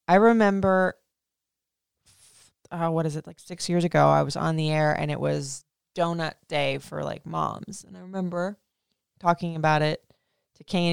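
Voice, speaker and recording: A woman's voice: sits low, a little mellow, smooth, dry recording, clean studio sound. A woman in her thirties hosting a podcast, talking candidly and emotionally about motherhood, chatty and swearing freely. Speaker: podcast host. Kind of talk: candid personal monologue.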